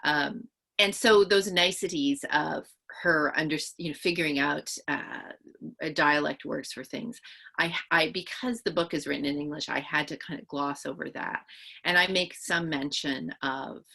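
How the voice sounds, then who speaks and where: A woman author answers interview questions, thinking aloud at length and frequently restarting her sentences. Her voice sits low with vocal fry, pushed and bright, at a moderate pace, and her manner is thoughtful and explanatory.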